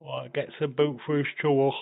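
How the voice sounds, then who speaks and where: A man of ordinary pitch calls a wrestling match for a livestream, tired and stuffy-nosed. He talks loosely, swears casually, and jumps into excited shouts at big moves. His voice sounds thin and phone-like. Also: brisk, vocal fry. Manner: loose play-by-play with swearing and sudden excited bursts. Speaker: livestream host. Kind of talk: casual wrestling watch-along commentary.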